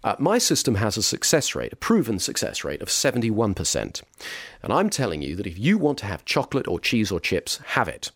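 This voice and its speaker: A man's voice: mid-range voice, no room sound, clean studio sound. A man coaching on weight loss, talking in a direct, emphatic way. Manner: emphatic, direct, with mocking impressions of others. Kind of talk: motivational instruction to camera.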